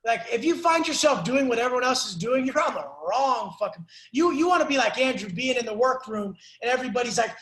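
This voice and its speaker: A man's voice: extremely high pitch, animated, quick pace, few pauses, fairly bright tone, reverberant, rough recording. A man coaching a client on a call, ranting in an intense, profane, preachy motivational way. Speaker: life coach.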